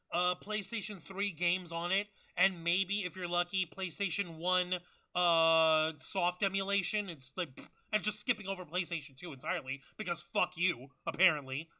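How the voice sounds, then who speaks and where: Bright, high-voiced excitable podcast host man. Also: normal speed. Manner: profane, excitable, many fillers. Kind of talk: casual chat.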